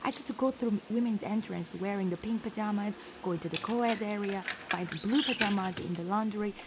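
A woman's voice: medium pitch, brisk, noisy background, natural voice. An actress playing a brash, bossy young woman who leads a crime family, speaking. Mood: cocky. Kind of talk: audio drama acting.

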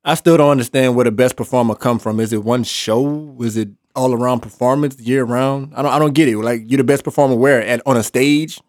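A man's voice: medium pitch, fairly even intonation, a little fast, few pauses, a little mellow, no echo, clean studio sound. A man co-hosting a casual podcast chat, blunt and questioning. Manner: blunt, questioning, keeps the show moving. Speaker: podcast co-host.

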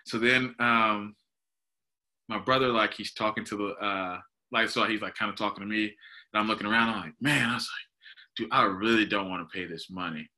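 A man's voice: lowish voice, fairly even intonation, a little fast, pushed and bright. A young man, animatedly telling a story on a casual podcast, laughing and calling his listener "dude.". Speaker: podcast co-host.

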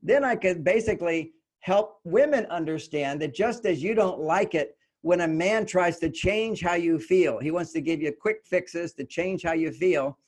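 An older man with a fairly high voice talks through relationship ideas in an earnest, explanatory way. Now and then he slips into a quick, put-on voice to act out what someone might say. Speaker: relationship author, guest. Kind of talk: conversational interview.

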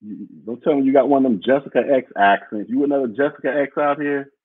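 A man's voice: medium pitch, fast, breathy edge, no room sound. A man hosting a podcast as a casual livestream, reading out viewer comments in a rambling, blunt and profane way. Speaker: podcast host. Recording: muffled phone-like audio.

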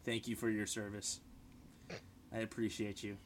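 A young man on a casual podcast, telling military stories in an animated, swearing way and shouting out the lines he quotes. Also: lowish voice, moderate pace, slight background noise. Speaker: podcast co-host, military veteran. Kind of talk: casual storytelling chat.

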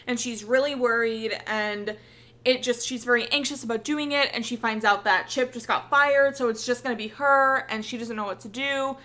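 A woman co-hosting a podcast, chatting casually and excitedly, rambling and swearing a lot. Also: fairly high pitch, moderate pace. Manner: animated, heavy swearing, rambling recap. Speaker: podcast co-host.

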